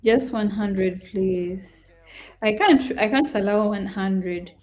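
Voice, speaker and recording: A woman's voice: mid-range voice, slow, a little mellow. A young woman hosting a live trading stream, chatting casually to viewers, emotional and apologetic as she talks to herself. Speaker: trading livestream host. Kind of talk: casual livestream chat to viewers. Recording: faint music behind.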